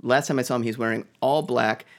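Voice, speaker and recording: A man from Boston co-hosts a casual podcast chat. His voice is gravelly, and he tells his stories haltingly, full of "like" and "um". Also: medium pitch, fairly even intonation. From Boston, USA. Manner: rambling, hesitant, full of "like" and "um". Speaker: podcast co-host. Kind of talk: casual chat, rambling storytelling.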